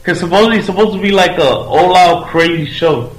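A man's voice: sits high, a little fast, soft background music, poor audio. A man co-hosting a casual chat, rambling and arguing his point with some swearing.

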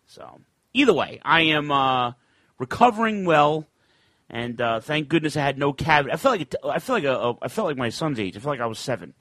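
Animated man in his forties hosting a chat show. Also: a little high, a little fast, no room sound. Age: 40s. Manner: chatty storyteller, acts out other people's lines. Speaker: radio show host. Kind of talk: casual podcast chat.

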